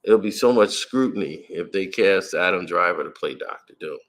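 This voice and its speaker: Deep-voiced man rambling about a trailer. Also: moderate pace, a bit bright. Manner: rambling, speculative, conversational with many fillers. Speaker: movie trailer reviewer. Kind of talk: casual commentary.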